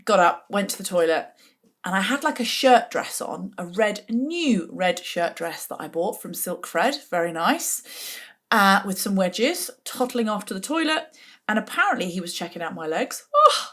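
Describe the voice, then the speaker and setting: A woman's voice: mid-range voice, very animated, moderate pace, a bit bright. Chatty woman telling a story. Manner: chatty and gossipy, laughing often, heavy on fillers like "like". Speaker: podcast host. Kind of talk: casual storytelling.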